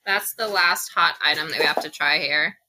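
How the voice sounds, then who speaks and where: Woman, podcast co-host, blunt casual chat, sharp tense tone. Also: low voice, normal speed, a little hiss or hum. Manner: blunt, profane and curious. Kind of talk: casual chat while taste-testing food.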